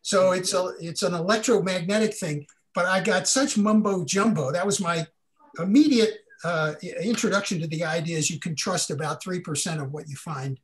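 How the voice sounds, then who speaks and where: A man's voice: high-pitched, moderate pace. An older man, a guest speaker, answering questions in a casual, folksy way on a video call, often correcting himself mid-sentence.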